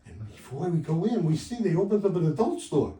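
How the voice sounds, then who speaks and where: A man in his sixties doing a stand-up comedy set with wry, punchy delivery, jumping louder for quoted lines. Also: a little high, very animated, a little fast. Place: comedy club stage. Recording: roomy live sound from a distance.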